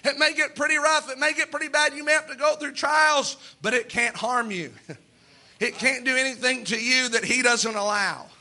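High, bright-voiced man preaching a sermon. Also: moderate pace. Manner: folksy storytelling with repeated restarts. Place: church.

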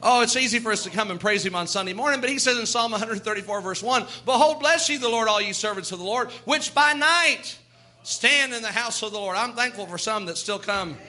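A pastor's high-pitched, sharp voice races along quickly with few pauses. He reads scripture and urges the congregation to praise, his sermon fervent and rhythmic.

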